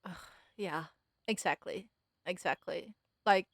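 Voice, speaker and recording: A young woman streaming a story game, chatting and reacting out loud, often breaking off mid-sentence. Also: mid-range voice, fairly even intonation, unhurried, clean tone, no room sound, studio quality. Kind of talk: live-stream game commentary.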